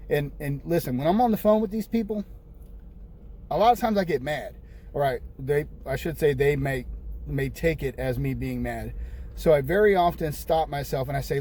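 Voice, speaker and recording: A man's voice: a little high, moderate pace, darkish tone. Exasperated man venting in a rambling way. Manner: rambling, exasperated, repeats himself. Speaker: vlogger. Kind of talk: casual venting monologue. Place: room with windows open near a street. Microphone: camera. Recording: faint street noise. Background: passing buses and traffic.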